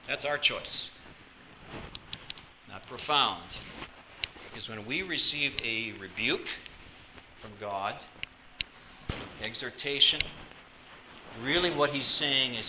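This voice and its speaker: Man, pastor, sermon, slow delivery, loud then hushed, noisy church recording. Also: mid-range voice, expressive. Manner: dramatic, swings from loud to hushed.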